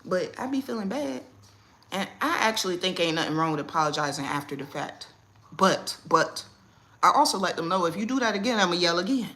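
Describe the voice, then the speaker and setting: Woman, AAVE speaker, livestream host; bright, slightly low voice; chatty and quick to laugh. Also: lively intonation. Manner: chatty, laughs often, reads viewer comments. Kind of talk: casual live chat with viewers. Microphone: phone or webcam on a livestream.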